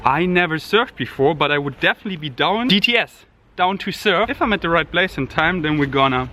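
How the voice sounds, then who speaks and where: A playful man talks casually to his vlog camera, his voice a bit high and very lively. The roomy home camera audio carries some echo and a faint hiss underneath. He tosses in jokey asides as he goes. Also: fairly quick. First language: German. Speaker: vlogger. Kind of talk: casual daily vlog chat. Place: home kitchen indoors.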